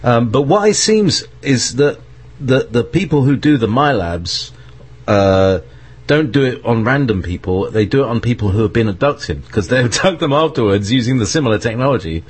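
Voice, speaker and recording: A man's voice: mid-range voice, expressive, normal speed, breathy edge. A man interviewing a guest in a casual conversation, speaking hesitantly with many fillers and repeated words.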